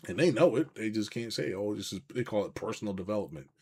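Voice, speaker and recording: A man's voice: lowish voice, expressive, quick pace, darkish tone, husky. Rambling, profane man on a live stream. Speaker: business coach hosting a live stream. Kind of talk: casual live-stream chat, reading viewer comments.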